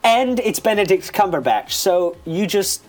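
A man's voice: sits high, very animated, a little slow. A young man with an English accent co-hosting a podcast, chatty and self-mocking. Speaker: podcast co-host. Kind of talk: casual chat.

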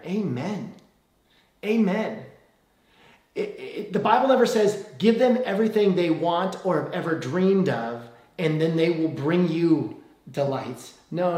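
A man's voice: fairly high pitch, a little mellow, reverberant. A man in his forties preaching a sermon in a conversational way, often asking "right?". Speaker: pastor.

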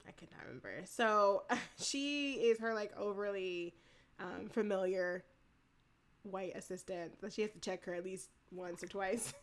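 A woman's voice: mid-range voice, measured pace. A woman co-hosting a casual chat, retelling a TV episode with lots of laughter and profanity. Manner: animated, laughing, profane storytelling. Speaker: podcast co-host.

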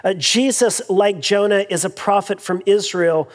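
Pastor delivering a casual, humorous sermon at an ordinary pitch; long echo of a big church hall. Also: measured pace. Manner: conversational, with frequent restarts and humorous asides.

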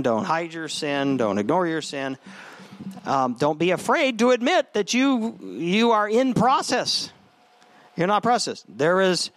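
A man's voice: fairly high pitch, a bit bright, no room sound. A man preaching a sermon in a conversational way, often restarting his phrases. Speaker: pastor.

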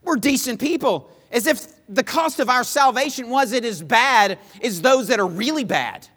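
A male preacher with a high voice delivers a sermon in an emphatic, repetitive way. His pitch rises and falls widely as he shifts from loud appeals to hushed lines. The long reverb of a large hall trails after every phrase. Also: animated, normal speed.

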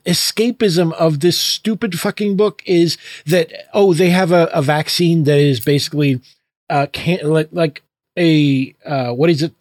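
A man with a somewhat high voice, chatting casually on a book podcast. He stops and restarts often, and the recording is dry and close. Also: a little mellow, no room sound. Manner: halting, full of fillers and restarts, laughing. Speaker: book club podcast co-host. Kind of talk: casual chat.

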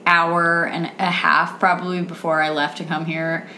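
A young woman co-hosting a casual podcast, excitable and jokey, swearing freely. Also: fairly low pitch, normal speed, a little hiss or hum. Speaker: podcast co-host.

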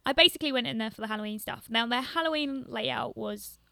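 A woman's voice: on the high side, fast, vocal fry, sharp tone, dry recording, studio quality. A young woman with a London accent, chatting casually as a guest, laughing often and filling her talk with "like" and "um". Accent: London English. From London, England. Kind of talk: casual chat.

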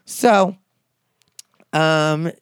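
A middle-aged stand-up comedian talking in a casual, profane and combative monologue. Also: male voice, fairly high pitch, drawn-out words, smooth, no room sound, studio quality.

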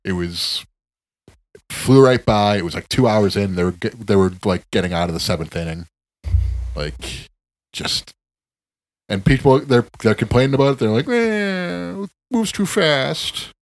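Low-voiced man ranting casually. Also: normal speed, pauses often, no echo. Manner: rambling, profane, animated ranting. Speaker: podcast co-host. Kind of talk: casual chat.

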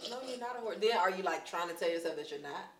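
Lively, quick-talking woman co-host. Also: fairly low pitch. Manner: quick, teasing, lively delivery. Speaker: podcast co-host. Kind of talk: casual chat. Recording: roomy, distant mic.

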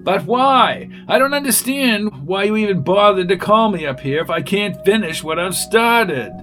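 A man reading aloud as a gruff, irritable male inspector who blusters and complains. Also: high voice, animated, normal speed, a bit bright, faint music behind, pitched above the performer's own voice. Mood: outraged. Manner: blustering, exasperated.

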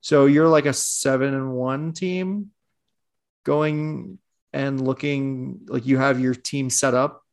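A man's voice: medium pitch, steady tone, takes it slowly. A man with a Long Island accent in a casual sports chat, laid-back and wry.

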